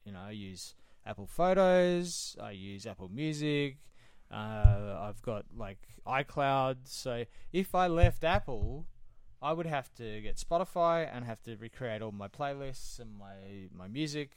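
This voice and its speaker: A man in a relaxed podcast chat, telling funny stories with frequent chuckles. His voice sits at an ordinary pitch. The recording is close and dry, with almost no room sound. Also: a little slow, clean tone, no echo. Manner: chuckling, jokey storyteller. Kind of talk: casual chat, storytelling.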